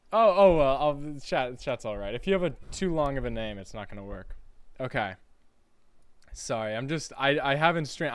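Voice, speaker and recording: Young male streamer, dorm-room chat, smooth clear voice, dry close sound. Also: mid-range voice, no room sound. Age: young adult. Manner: chatty and scattered, laughing and reading chat aloud. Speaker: livestreamer. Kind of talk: casual live-stream chat. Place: his college dorm room.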